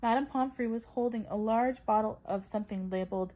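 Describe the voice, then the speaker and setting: Expressive woman reading a storybook. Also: fairly high pitch, a little fast. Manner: expressive, voices characters. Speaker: audiobook reader. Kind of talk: storybook narration.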